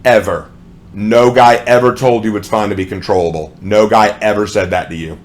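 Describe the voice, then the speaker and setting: A man's voice: lowish voice, fairly even intonation, moderate pace. A young adult man ranting sarcastically as a song reviewer, with exasperated commentary.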